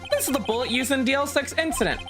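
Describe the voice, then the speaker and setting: A man's voice: extremely high pitch, animated, fast talker, music in the background, pitched above the performer's own voice. A man voicing a determined young male defense attorney in a game, with emphatic, explanatory courtroom delivery. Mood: explaining.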